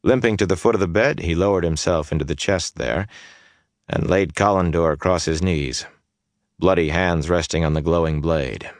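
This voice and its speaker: A man narrating a fantasy audiobook in a measured, steady storytelling way. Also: sits low, dry recording, clean studio sound.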